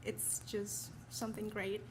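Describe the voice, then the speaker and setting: A woman's voice: mid-range voice, little pitch movement, a little slow, noisy background. A teenage girl from Mexico with a Mexican Spanish accent, her native tongue Spanish, giving a nervous, earnest award acceptance speech. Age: teens. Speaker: honored student.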